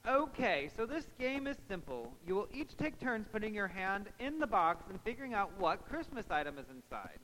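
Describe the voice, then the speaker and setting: Excitable, bright-voiced male skit host. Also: sits high, normal speed, hardly any pauses, big-room sound, slight background noise, poor audio. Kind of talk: church stage skit.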